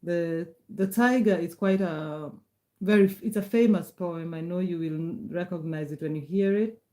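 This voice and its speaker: Middle-aged woman host, very mellow low voice, unhurried, hesitant live-stream reader. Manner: halting, hesitant, many fillers and restarts between poems. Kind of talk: casual live-stream chat and poetry reading.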